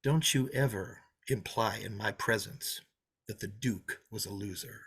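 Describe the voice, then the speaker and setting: A man's voice: on the low side, measured pace, husky. A man playing a sneering, menacing drifter. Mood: reminiscing. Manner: taunting, mocking, swings from loud to hushed. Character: menacing, sneering drifter holding a diner hostage. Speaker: actor in a play reading. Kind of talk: play read over a video call.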